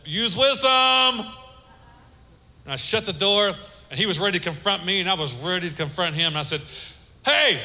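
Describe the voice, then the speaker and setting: A middle-aged man preaching a sermon as pastor, animated, swinging between loud emphasis and soft, low asides. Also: normal speed, pauses often. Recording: echoey hall with long reverb.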